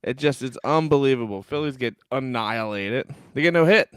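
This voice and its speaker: A man's voice: mid-range voice, brisk, a bit bright, clean tone, no room sound, studio quality. A man co-hosting a sports podcast, joking around in a sleepy, casual way. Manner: jokey, sleepy, talks over co-host. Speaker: podcast co-host.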